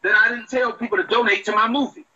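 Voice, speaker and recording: A man's voice: very high voice, steady tone, fast, bright, forceful tone, highs cut off. A man arguing heatedly with a caller, defensive and agitated, talking over the other person. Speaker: internet show host being called out.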